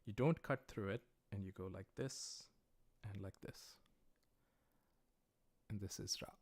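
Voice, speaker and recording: A man's voice: lowish voice, a little slow, a little mellow. An American man teaching a livestreamed language lesson, explaining patiently as he writes, with frequent "uh" and "um" fillers. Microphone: livestream microphone.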